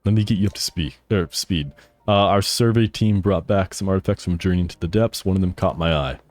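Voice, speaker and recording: A man's voice: low-pitched, a little fast, darkish tone, close to an everyday voice. A man voicing an eccentric older male researcher who reads his game lines in a theatrical, dramatic way.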